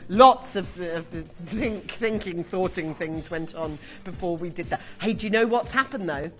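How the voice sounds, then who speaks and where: A British woman presenting live shopping TV, chatty, excitable and self-mocking as she sells. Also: fairly low pitch, moderate pace, soft background music. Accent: British English. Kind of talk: live TV selling. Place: TV studio.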